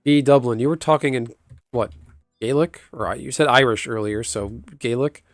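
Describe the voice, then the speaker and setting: A man's voice: medium pitch, moderate pace, dry recording. Rambling male live streamer, dry sound. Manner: rambling, answers viewer chat aloud. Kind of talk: casual livestream chat.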